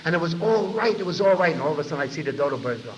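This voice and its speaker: A man tells his story at a recovery meeting, rattling along at a fast clip and acting out other people's lines as he goes. His voice sits a little high for a man. The 1990 tape sounds muffled, and his words ring out with a long hall reverb. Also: slight background noise. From New York. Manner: animated storyteller who acts out others' lines. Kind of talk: storytelling talk to a large audience. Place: large convention hall.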